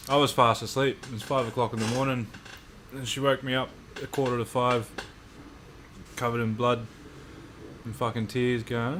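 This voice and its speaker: An Australian man chatting casually on a livestream, laid-back and quick to swear. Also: mid-range voice, level tone, noisy background. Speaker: livestream co-host.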